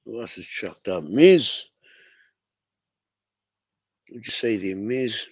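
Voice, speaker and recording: A man's voice: fairly low pitch, animated, slow, husky, dry recording. A man with a New Zealand accent hosting a casual fan livestream, laid-back and slangy, calling everyone bro. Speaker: fan show host.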